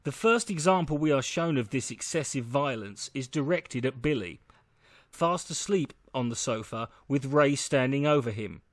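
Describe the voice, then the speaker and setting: A man narrating a film review from a script, measured and posing rhetorical questions. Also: mid-range voice, lively intonation, no room sound, studio quality.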